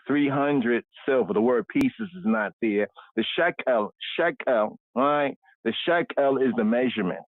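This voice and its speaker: A man's voice: medium pitch, dry recording. Man teaching scripture over a tinny line. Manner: tags nearly every phrase with "right?" and repeats words over and over. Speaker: scripture study leader. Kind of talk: unscripted scripture word study. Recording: tinny phone-line sound, dry.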